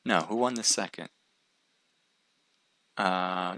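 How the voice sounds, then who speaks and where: A man's voice: deep voice, moderate pace, vocal fry, pushed and bright, dry recording. A man casting a live stream, chatting casually with viewers and thinking aloud with frequent restarts. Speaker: livestream caster.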